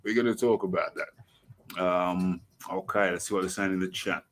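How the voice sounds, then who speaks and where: A man hosting a live online boxing talk show, animated and thinking aloud as he searches. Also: deep voice, normal speed, a little hiss or hum. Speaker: host.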